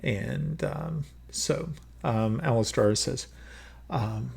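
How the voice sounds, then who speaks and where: Male game master, slow, gravelly, halting narration. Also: medium pitch, mellow. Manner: halting, full of fillers.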